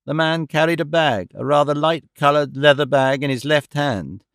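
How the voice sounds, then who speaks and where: A man voicing a fussy, old-fashioned elderly gentleman witness who speaks in a quavering, formal way. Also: fairly high pitch, moderate pace, clear, resonant tone, dry recording, studio quality. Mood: earnest.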